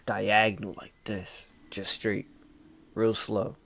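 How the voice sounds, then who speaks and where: Slow, low-voiced young man telling a spooky story. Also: flat delivery, gravelly. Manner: slow, dramatic, acts out quoted lines with whispers and shouts; casual slang, calls the listener "bro".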